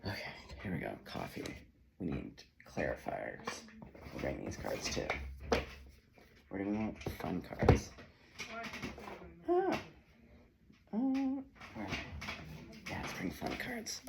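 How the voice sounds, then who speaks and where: A low-voiced man with a gravelly edge chats his way through a tarot reading in his kitchen, talking to himself and swearing freely. He speaks slowly, and his pitch rises and falls a lot. The phone mic picks up an echoey room with loud noise behind him. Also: huge pitch swings. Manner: chatty, swears and laughs, talks to himself. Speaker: tarot reader. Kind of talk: casual tarot reading vlog. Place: home kitchen.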